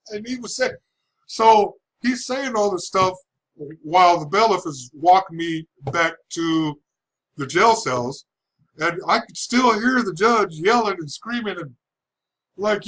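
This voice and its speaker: A man's voice: a little high, expressive, a little slow, pauses often, a bit bright, poor audio. A man casually telling a personal testimony in a chatty way, with frequent restarts and chuckles. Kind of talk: casual storytelling.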